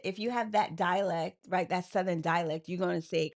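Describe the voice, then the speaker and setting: A woman from New York co-hosting a casual live chat, talking fast and laughing often. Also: on the low side, fairly even intonation. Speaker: co-host.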